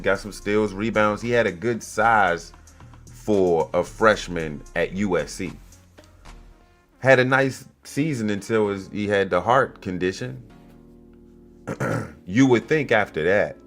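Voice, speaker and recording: A man hosting a casual podcast monologue, a youth basketball coach telling stories in a blunt, profane, animated way. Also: fairly low pitch.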